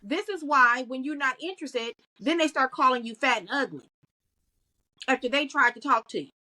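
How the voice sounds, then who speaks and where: A woman, a guest in a podcast interview, talking in an animated storytelling way. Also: high voice, moderate pace, low-quality recording. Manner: animated storytelling, acts out quoted voices. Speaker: guest, content creator.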